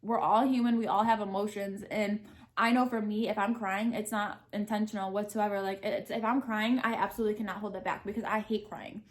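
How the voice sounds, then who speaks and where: A woman's voice: medium pitch, fairly even intonation, a little fast. A young woman answering question cards while eating, talking candidly and thinking aloud. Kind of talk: casual mukbang chat.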